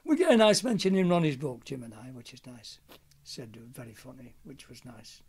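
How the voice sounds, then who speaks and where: A man's voice: mid-range voice, big pitch swings, moderate pace, a little mellow. An older man, a pantomime comedian, telling stories in a chatty interview and acting out old routines. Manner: chatty storyteller, acts out old routines in character voices. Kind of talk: anecdotal interview chat.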